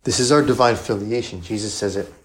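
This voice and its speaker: A man's voice: lowish voice, a little fast, a little hiss or hum. A male priest preaching in a conversational style, often asking rhetorical questions and adding "right?". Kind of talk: sermon.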